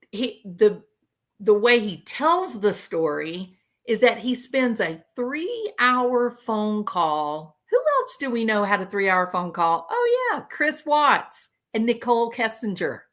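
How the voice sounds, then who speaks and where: A woman's voice: a little high, pushed and bright. A woman hosting true crime commentary, talking casually to her viewers and speculating aloud with rhetorical questions.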